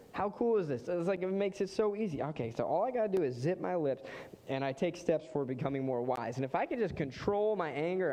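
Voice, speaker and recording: A pastor with a fairly high, mellow voice gives a conversational sermon marked by emphatic repeated phrases. He's in a church sanctuary, where the large hall adds a long reverb.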